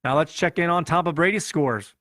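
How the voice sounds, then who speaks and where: A man with a Chicago accent walks through the week's fantasy football results in a playful, running recap. His voice sits a bit high. It is recorded close and dry. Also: fairly quick, bright, forceful tone, no room sound. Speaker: podcast host.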